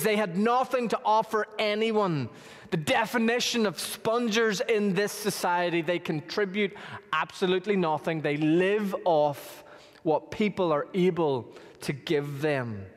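A male pastor preaching a sermon, telling stories with lively emphasis, in a church hall. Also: on the high side. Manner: storytelling, rising to animated emphasis. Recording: long reverb of a large hall.

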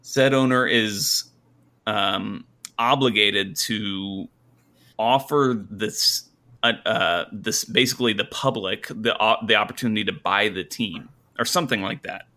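A man with a fairly low voice and a bright, forceful tone co-hosts a casual sports podcast. He rambles through his stories with lots of "uh"s and restarts. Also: measured pace. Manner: rambling, lots of fillers and restarts, laughs often. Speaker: podcast co-host.

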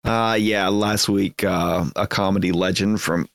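A man's voice: low-pitched, steady tone, measured pace, vocal fry, clear, resonant tone, no echo, studio quality. A man co-hosting a podcast, chatting casually and rambling with lots of filler words. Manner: rambling, heavy with "you know" fillers. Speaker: podcast co-host. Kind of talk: casual chat.

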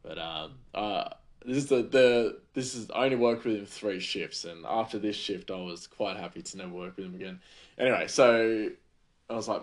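A man's voice: on the low side, moderate pace. A man hosting a podcast, telling stories in a chatty, rambling way full of fillers. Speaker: podcast host. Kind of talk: casual storytelling.

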